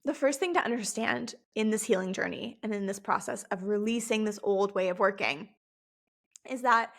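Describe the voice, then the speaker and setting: A woman's voice: mid-range voice, normal speed, gravelly, fairly bright tone. Young woman podcast host, chatty coaching monologue, lots of likes. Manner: conversational, frequent "like" fillers, coaching tone. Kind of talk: casual teaching monologue.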